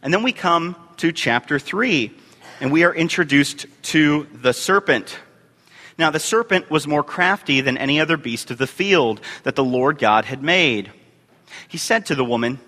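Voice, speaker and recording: A man preaching a sermon as a youth and family minister, reading scripture in measured phrases with emphatic rises. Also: a little high, lively intonation, sharp tone. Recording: long hall reverb.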